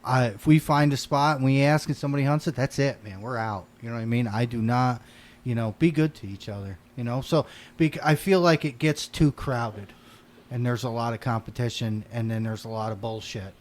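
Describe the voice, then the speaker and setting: Animated, swearing podcast host man. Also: mid-range voice, brisk. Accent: New York. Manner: animated storyteller, swears casually. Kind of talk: casual podcast chat.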